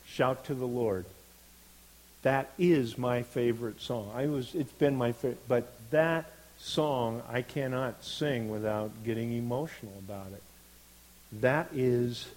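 A man preaching a sermon in an earnest, unhurried way, building to emphatic stresses on key words. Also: medium pitch, a little mellow, low-quality recording.

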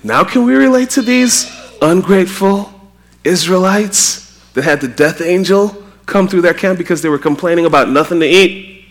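A man from Trinidad preaching a sermon, animated and acting out quotes with a raised voice. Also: high voice, normal speed.

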